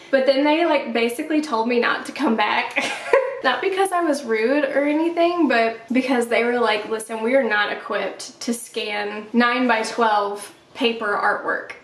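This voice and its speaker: A young woman vlogging casually from her home art studio, rambling and chatty with lots of fillers. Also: fairly high pitch. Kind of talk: casual storytelling vlog. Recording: roomy, from a distance, music under. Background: soft background music.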